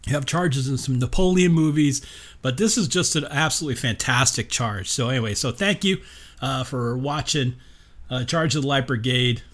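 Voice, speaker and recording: A man's voice: mid-range voice, normal speed, a bit bright. A man hosting his own podcast in a casual, rambling solo monologue, chatting along and laughing at himself. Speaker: podcast host.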